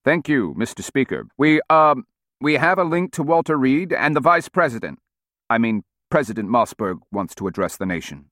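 A man's voice: medium pitch, very animated, moderate pace, fairly bright tone, no echo, studio quality, voice pushed up. A man voicing a male television news anchor with a broadcast-style delivery. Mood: urgent. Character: male TV news anchor, smooth but rattled.

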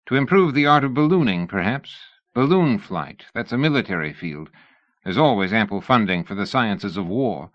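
A man reading an audiobook, voicing a wry, measured male scientist in a dull lo-fi recording. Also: on the low side, very animated, no room sound.

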